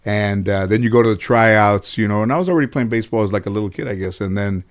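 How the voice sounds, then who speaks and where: A man from Los Angeles telling stories from his childhood as a guest, animated and casual, swearing freely and restarting his sentences often. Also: fairly low pitch, fast talker. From Los Angeles, USA. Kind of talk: casual storytelling in a conversation.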